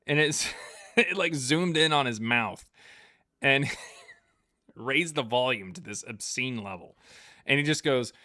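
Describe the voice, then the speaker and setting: Male livestream host, bright voice, dry close mic, jokey rambling chat with viewers. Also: on the high side, animated, takes it slowly, long pauses, no echo. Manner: joking, rambling storytelling with laughs; reads out viewer super chats.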